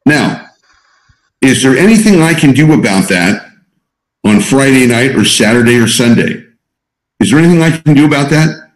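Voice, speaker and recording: A man's voice: mid-range voice, expressive, normal speed, pauses often. A man coaching a small group of students, teaching in an emphatic way and repeating his key points. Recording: roomy echo.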